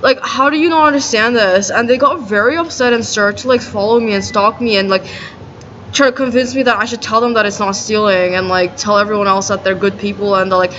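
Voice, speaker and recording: A woman's voice: medium pitch, steady tone, brisk, fairly bright tone. A woman in a rambling, agitated monologue to camera, indignant and peppered with "like". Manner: agitated and indignant, many "like" fillers. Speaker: vlogger. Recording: dull lo-fi audio with faint noise.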